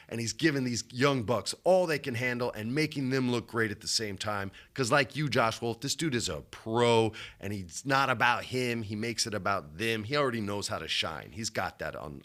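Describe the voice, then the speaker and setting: A young man co-hosts a casual podcast chat with a bright, forward voice. He tells his story with lots of energy, jumping up loud for the big beats and dropping down low for the side remarks. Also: animated, moderate pace. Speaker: podcast co-host.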